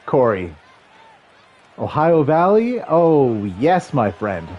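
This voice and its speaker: A man in his thirties streaming a football video game, calling the plays and chatting with viewers in a rambling, excitable way. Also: a little high, takes it slowly, lo-fi sound. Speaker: livestream gamer and commentator. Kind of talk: casual play-by-play chat with chat.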